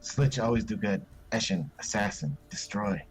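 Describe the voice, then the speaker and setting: A man's voice: fairly low pitch, very animated, moderate pace, vocal fry, soft background music. A man voicing a small, vicious, rat-like male assassin creature who speaks in broken, clipped phrases. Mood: boastful. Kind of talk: tabletop role-play voice.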